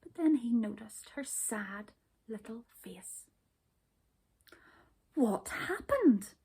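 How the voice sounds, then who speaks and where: A woman reading a children's story aloud, gentle and expressive. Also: a little high, slow pace, creaky, slightly rough.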